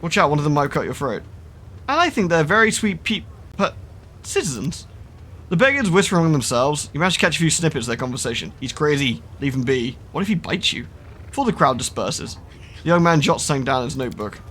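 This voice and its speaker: A man's voice: a little high, sing-song, quick pace, bright, forceful tone, a little hiss or hum. A man streaming a game, chatting casually, swearing now and then, and reading the game's text aloud. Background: faint game music.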